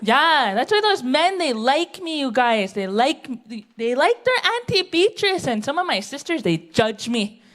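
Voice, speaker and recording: A brash, grumpy, chain-smoking auntie, played by a woman on stage with a high voice, rambling through her grievances and chuckling at herself. It is a live comedy monologue in front of a theatre audience. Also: big pitch swings, a bit bright, exaggerated voice. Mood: rambling indignant. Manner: rambling, indignant, quick to laugh at herself.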